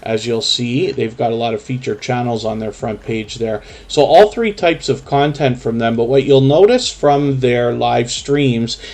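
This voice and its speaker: Relaxed man hosting a live stream. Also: medium pitch, measured pace, few pauses. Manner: relaxed, reads chat names aloud, frequent ums. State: sleepy, yawning. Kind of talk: casual live stream chat.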